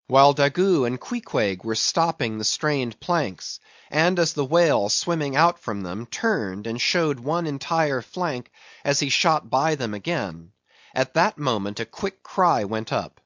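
Male audiobook narrator, measured delivery, dry and slightly muffled. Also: mid-range voice, expressive, fairly bright tone, dry recording. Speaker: audiobook reader. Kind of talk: scripted narration of a classic novel.

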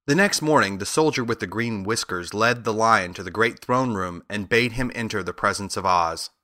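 A man narrating a children's storybook as an audiobook, in a steady, even storytelling manner. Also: lowish voice, normal speed, dry recording, clean studio sound.

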